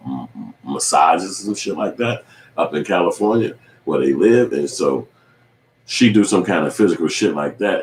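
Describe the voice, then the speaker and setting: A man's voice: very deep voice, recorded from a distance. A man hosting his own show, giving a loose, profane recap with acted quotes. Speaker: online show host. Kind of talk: casual recap monologue. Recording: echoey room with faint ambient noise.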